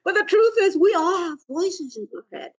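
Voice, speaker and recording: A woman's voice: very high-pitched, lively intonation, moderate pace, darkish tone. A woman giving a dharma talk, playful, laughing often and asking questions of her listeners. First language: Vietnamese. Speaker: meditation teacher and therapist.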